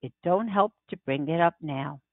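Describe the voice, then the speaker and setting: A woman's voice: deep voice, normal speed, dry recording. A woman doing a terse, tired father. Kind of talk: audiobook character voice. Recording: tinny phone-like dry sound.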